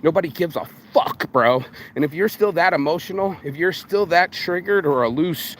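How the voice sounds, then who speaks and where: A man's voice: on the high side, expressive, moderate pace, fairly bright tone, slight background noise. A man vlogging outdoors while picking up litter, ranting bluntly and profanely in streetwise slang, calling everyone bro. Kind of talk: ranting walk-and-talk vlog.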